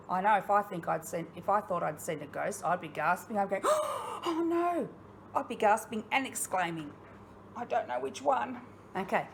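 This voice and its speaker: A woman's voice: lowish voice, creaky, slight background noise. A woman with an Australian accent, a primary school teacher giving a recorded online lesson to young children. She asks questions and speaks encouragingly and expressively, straight to her pupils.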